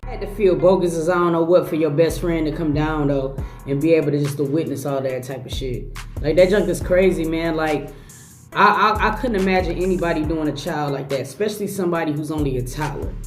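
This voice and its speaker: A young woman riffs on a clip in a slangy, emphatic, chatty manner. Her voice sits a bit low, and it bounces around an echoey room with a soft music bed underneath. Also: fairly even intonation, a little fast. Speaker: reaction video host. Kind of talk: casual reaction commentary.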